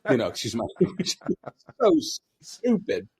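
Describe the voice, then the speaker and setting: A man's voice: mid-range voice, huge pitch swings, normal speed, breathy edge. A man talking bluntly on a podcast, mocking and profane, with frequent restarts. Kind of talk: casual opinionated talk.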